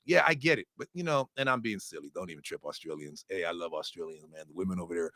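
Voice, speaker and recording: A man giving casual, opinionated commentary on boxing, animated, profane and joking, with sudden loud outbursts. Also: low-pitched, fast talker, no room sound, studio quality.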